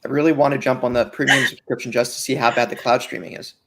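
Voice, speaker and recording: A man co-hosting a casual gaming podcast, playful and jokey, with a gravelly voice. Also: medium pitch, level tone, fast, heavy background noise. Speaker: podcast co-host. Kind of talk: casual chat.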